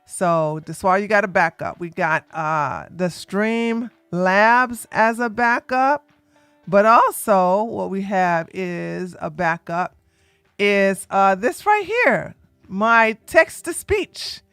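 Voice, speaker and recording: A woman streaming live, chatting casually to her viewers in a soft, unhurried voice. She talks slowly, with a middle-pitched tone. The sound is dry and close to the mic. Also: clear, resonant tone, no echo, faint music behind. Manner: soft, unhurried talk, a break from her usual yelling. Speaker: livestreamer. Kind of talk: casual livestream chat.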